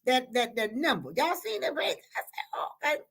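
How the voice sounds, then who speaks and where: Laughing, lively woman livestreaming. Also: sits high, moderate pace, creaky, breathy edge. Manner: laughs often, calls viewers honey and baby. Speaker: livestream host reading viewer comments. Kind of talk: casual livestream chat.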